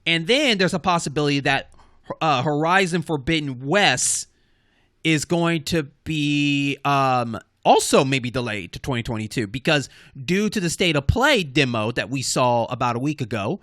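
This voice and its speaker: A man with a bright, forceful voice and a fairly high pitch chats loosely through gaming news as a podcast co-host. The sound is dry and close, with no room around it. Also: expressive, moderate pace, dry recording. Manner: loose and rambling, full of fillers and restarts. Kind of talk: casual gaming news chat.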